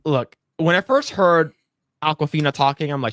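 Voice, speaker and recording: Man, podcast host, animated, rambling, dry close mic, slightly high voice. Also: moderate pace, no echo. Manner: animated, rambling, many fillers. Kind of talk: casual commentary.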